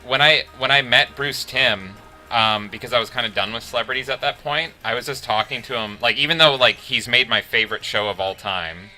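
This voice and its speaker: Bright, animated storytelling man. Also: mid-range voice, brisk, few pauses, faint music behind. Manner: animated storyteller, acts out quotes. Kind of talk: casual chat while gaming.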